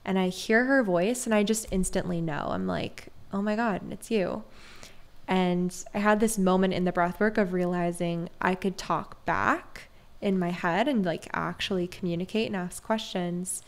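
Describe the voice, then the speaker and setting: A woman guest on a podcast, a breathwork mentor, telling stories in an animated, chatty way, often saying "like". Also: on the low side, normal speed. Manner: animated, peppered with "like". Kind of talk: conversational storytelling.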